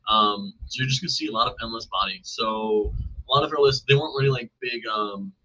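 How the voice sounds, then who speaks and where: A man co-hosting a casual live stream, explaining game tactics quickly and analytically. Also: on the low side, bright, forceful tone. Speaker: co-host. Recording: dull lo-fi stream audio.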